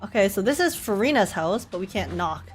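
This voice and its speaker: A woman's voice: medium pitch, animated, a little fast, faint music behind. A young woman from Canada chatting and laughing often while live-streaming a game. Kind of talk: live gameplay chat.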